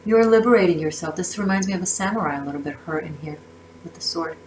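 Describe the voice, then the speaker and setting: A woman's voice: fairly low pitch, fast talker, darkish tone, slight background noise, rough recording. A woman giving a casual tarot reading, effusive and emotional, often restarting her words. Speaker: tarot reader.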